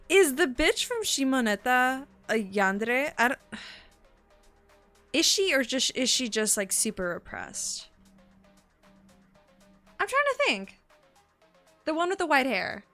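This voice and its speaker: Bright-voiced excitable woman streamer. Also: on the high side, gravelly. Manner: excitable, swears freely, gasps and laughs often. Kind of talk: casual stream chat.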